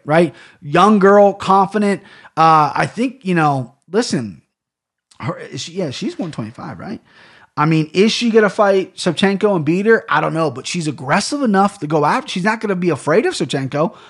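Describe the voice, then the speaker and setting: A man hosting a casual MMA podcast, blunt and profane, rambling through fight picks with lots of restarts. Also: on the high side. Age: adult with a young daughter. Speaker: podcast host.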